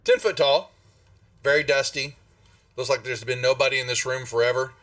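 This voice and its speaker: A man narrating as game master in a tabletop game, speaking in a halting way with many restarts. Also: mid-range voice, fairly even intonation, a bit bright, dry recording, far from the mic.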